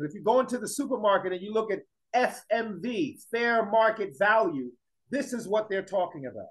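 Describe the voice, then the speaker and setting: Emphatic male teacher with a high voice, lecturing and pressing the class with questions. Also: a bit bright, poor audio. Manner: emphatic, repeats points, fires rhetorical questions at the class.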